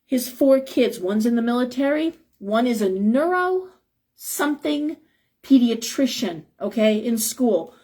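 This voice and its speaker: A middle-aged woman with a slightly high voice reads tarot on a live stream. She talks in an emphatic, heated, rambling way, piling one point onto the next. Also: expressive, a little slow, mellow. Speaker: tarot reader and shop owner.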